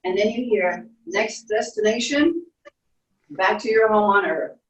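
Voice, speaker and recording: Speaking a little slowly in a mid-range voice, a woman guides a children's visualization story. The recording is echoey and distant from the microphone, and her soft storytelling includes playful sound effects.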